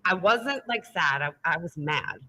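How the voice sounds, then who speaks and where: A woman's voice: fairly low pitch, animated, unhurried, bright, forceful tone. A woman on a convention panel talking emphatically and repeating her points. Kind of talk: casual panel discussion.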